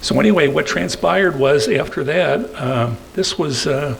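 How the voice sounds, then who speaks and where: An older man giving a rambling storytelling talk at a meeting, tagging his sentences with "okay?" and pausing on fillers. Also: a little high, animated, vocal fry, a little hiss or hum, poor audio. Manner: hesitant fillers between phrases. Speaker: guest speaker.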